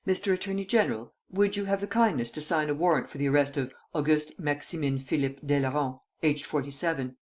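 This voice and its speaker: An audiobook narrator reading the lines of a calm, cool-headed chief detective in a deliberate way. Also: mid-range voice, natural voice.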